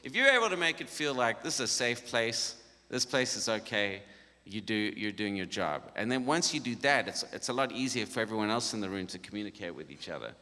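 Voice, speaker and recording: A middle-aged man talks through a band workshop in a loose, joking way, his voice bright and forward. The long reverb of a conference hall hangs behind every phrase. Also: lowish voice, lively intonation, fairly quick. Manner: easygoing and jokey, with frequent laughs. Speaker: worship leader leading a band workshop. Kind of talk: casual workshop talk.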